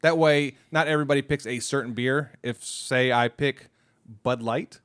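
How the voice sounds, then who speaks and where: A man's voice: medium pitch, moderate pace, a bit bright, clean tone, dry recording, studio quality. A man hosting a casual podcast, talking loosely with lots of fillers and restarts. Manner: rambling, many fillers. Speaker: podcast host. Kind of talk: casual chat.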